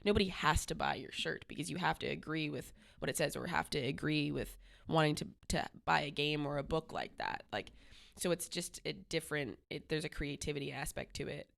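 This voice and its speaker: A woman's voice: low voice, a little fast, vocal fry, fairly bright tone. A woman from the Boston area co-hosting a podcast, talking in a direct, casual way with lots of fillers. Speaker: podcast co-host. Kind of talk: casual chat.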